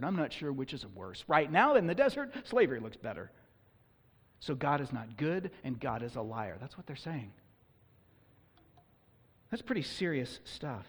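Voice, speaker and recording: A man preaching a sermon as pastor, animated, sometimes acting out the people he quotes. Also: medium pitch, normal speed, long pauses, breathy edge. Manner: animated, acts out quoted complaints. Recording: long hall reverb.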